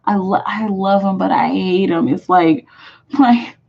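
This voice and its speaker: A woman's voice: mid-range voice, fairly even intonation, gravelly. Chatty woman on muffled stream audio. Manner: rambling, chatty, lots of "like" fillers and quick laughs. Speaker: tarot reader hosting a live stream. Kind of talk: casual live-stream chat, reading out comments.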